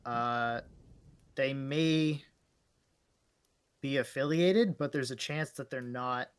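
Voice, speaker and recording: A man's voice: mid-range voice, slow pace, clean tone. Easygoing slangy male tabletop player. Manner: easygoing, slangy, thinking out loud. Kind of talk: casual chat at a game table.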